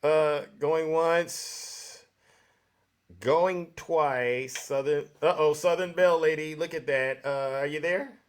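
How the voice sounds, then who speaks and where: A man hosting a live political call-in show argues with a caller in a pressing, rhetorical style. His voice sits a little high for a man, and he keeps tagging his points with "right?" He often interrupts to take back the floor. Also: fairly even intonation, slow, smooth. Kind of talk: argumentative debate with a caller.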